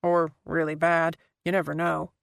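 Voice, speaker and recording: A woman reading an audiobook and voicing a guarded, quiet man who speaks in a soft, halting way. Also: level tone, vocal fry. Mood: wry. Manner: soft, halting, low-key delivery. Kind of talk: audiobook character voice.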